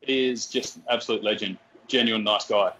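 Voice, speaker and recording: A man's voice: on the low side, steady tone, brisk, fairly bright tone, poor audio. A man calling in as a guest on a podcast, chatting in a friendly, plainspoken way. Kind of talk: casual chat.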